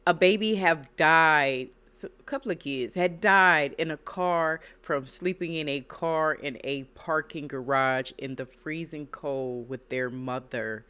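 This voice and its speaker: A woman's voice: low voice, a little slow, few pauses, pushed and bright, smooth. A woman hosting reaction commentary, emphatic and preachy, repeating her points. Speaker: reaction channel host. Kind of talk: casual commentary.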